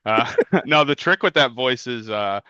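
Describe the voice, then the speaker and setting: Male comic guest, low bright clear voice, loose and chatty, dry slightly dull mic. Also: lively intonation, unhurried, no room sound. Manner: easygoing, lots of "yeah" and "like", laughs. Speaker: comedian guest. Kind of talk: casual interview chat.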